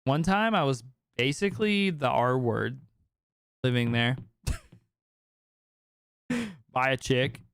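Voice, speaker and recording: A man's voice: mid-range voice, slow pace, creaky, pauses often, clean tone, no echo. Young guy telling a story on a podcast, swears a lot, lots of likes, dry close sound. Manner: animated, profane, heavy filler words. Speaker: podcast speaker. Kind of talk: casual storytelling chat.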